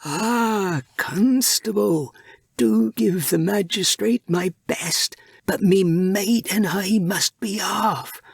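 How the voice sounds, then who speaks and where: A man voicing a dashing male pirate rat captain with a peg leg, in a high, jaunty, drawn-out pirate manner. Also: creaky, slightly rough, dry recording, studio quality, exaggerated voice.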